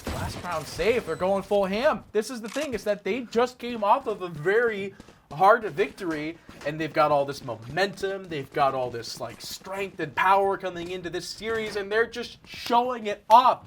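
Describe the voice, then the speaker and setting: A man doing excitable play-by-play esports commentary, reacting fast and laughing often. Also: high voice. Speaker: esports caster. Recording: noisy game audio behind.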